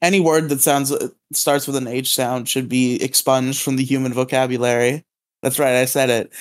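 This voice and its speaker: A man's voice: medium pitch, flat delivery, moderate pace. A man co-hosting a podcast, bantering and joking in casual chat. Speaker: podcast co-host.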